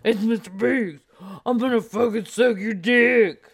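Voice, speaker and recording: A woman putting on a crude, brash man called Mister Biggs, loud and vulgar, without really changing her voice. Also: a little high, measured pace, breathy edge. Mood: crude teasing.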